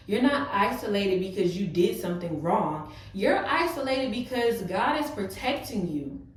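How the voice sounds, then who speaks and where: A woman's voice: mid-range voice, lively intonation, unhurried, distant mic. A young woman, talking openly and emotionally to her viewers, full of casual fillers. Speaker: vlogger. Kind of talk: heart-to-heart vlog talk. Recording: echoey room, voice off-mic.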